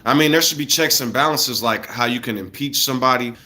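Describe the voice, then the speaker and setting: A man's voice: medium pitch, a little fast, bright, forceful tone. A man in his thirties from the United States, ranting casually to viewers in a loose, slangy, blunt way. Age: 30s.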